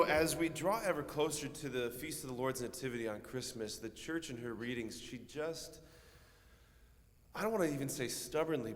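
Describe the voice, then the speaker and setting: A male priest gives a homily in a long-echoing church, chatting easily with the congregation. He uses a mid-range voice and swells into loud, stretched-out emphasis on key phrases. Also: medium pitch. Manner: conversational, asks the congregation questions. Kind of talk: sermon.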